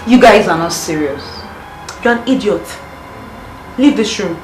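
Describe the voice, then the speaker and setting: An actress with a Nigerian accent playing an irritated young woman who loudly orders a friend out of the room. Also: mid-range voice, expressive, measured pace, recorded from a distance, lightly acted. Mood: exasperated. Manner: scolding, exasperated. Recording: roomy, noisy room sound.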